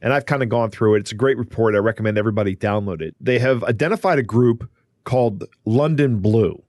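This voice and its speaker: A man's voice: on the low side, quick pace, a little mellow, dry recording. Dry-sounding male co-host explaining. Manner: explanatory, conversational storyteller. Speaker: podcast co-host. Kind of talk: casual podcast chat.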